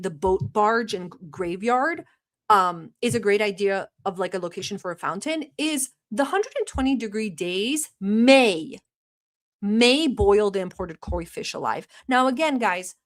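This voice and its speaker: A young woman hosting a livestream, talking in a sarcastic, rambling, mock-earnest way with lots of fillers. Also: medium pitch. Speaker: livestream host. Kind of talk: satirical livestream chat.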